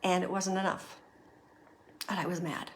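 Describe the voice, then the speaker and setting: A woman's voice: fairly low pitch, fairly even intonation, normal speed. A middle-aged woman hosting a podcast, earnestly guiding listeners through reflection and telling a personal story. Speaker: podcast host.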